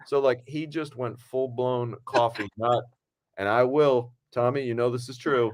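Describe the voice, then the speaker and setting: A man hosting a casual podcast, telling animated anecdotes and acting out the quotes. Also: medium pitch, unhurried. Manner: animated storyteller, acts out quotes. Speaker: podcast host and film director.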